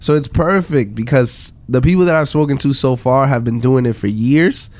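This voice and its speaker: A man's voice: medium pitch, normal speed, a little mellow, no echo. Stuffy-nosed man hosting a casual podcast. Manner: laid-back, swears casually. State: stuffy from a cold. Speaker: podcast host.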